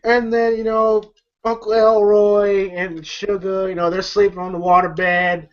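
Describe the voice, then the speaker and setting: A movie reviewer retells a comedy scene by scene in a loose, rambling monologue full of fillers and casual swearing. The pitch sits in a middling range and often breaks into laughter. The sound is a bit dull and lo-fi. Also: flat delivery, unhurried. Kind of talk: casual film recap.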